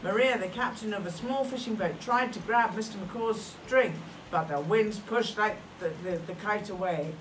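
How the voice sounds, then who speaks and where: A woman's voice: mid-range voice, expressive, normal speed, a bit bright. Playful lady reading a kids book, kinda far from the mic, faint hum behind. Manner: playful, talks to a child listener. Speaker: storybook reader. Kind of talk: reading a picture book aloud. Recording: roomy room, mic at a distance, faint hum.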